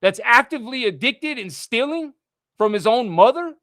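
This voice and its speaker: Hosting a livestream, this man reads out text messages and launches into an indignant, profanity-heavy casual rant. His very high-pitched voice is animated and a bit bright, moving at normal speed, with a dry, studio-quality recording.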